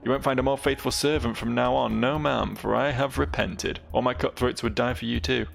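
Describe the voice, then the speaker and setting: Brief: a man voicing a sly reformed crime boss, very gravelly, folksy and low-key, game dialogue read aloud. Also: fairly even intonation, a little fast, faint music behind. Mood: devoted. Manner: rough folksy speech, reading dialogue aloud. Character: sly repentant male gang boss.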